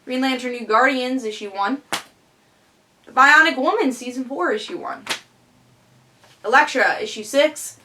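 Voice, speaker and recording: Bright, excitable woman reviewing comics. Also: sits high, unhurried, long pauses, a little hiss or hum. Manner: excitable, asks rhetorical questions. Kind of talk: casual vlog review.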